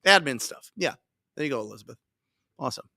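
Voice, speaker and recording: A man hosting a live Q&A, coaching his listeners in an energetic, emphatic way and repeating his key points. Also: mid-range voice, fast talker, vocal fry, no echo, studio quality. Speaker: podcast host and wholesaling coach.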